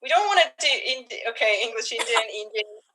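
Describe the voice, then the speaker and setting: A woman's voice: a little high, expressive, fairly quick, sharp tone, slight background noise, low-quality recording. A woman hosting a live online improv show over a video call, talking to the audience in a chatty, upbeat way.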